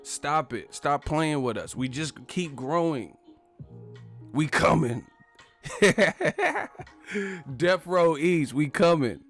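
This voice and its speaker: A man's voice: a little high, expressive, slow, soft background music. Brash man trash-talking on a live stream. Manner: brash trash talk, frequent laughing. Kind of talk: casual live chat commentary.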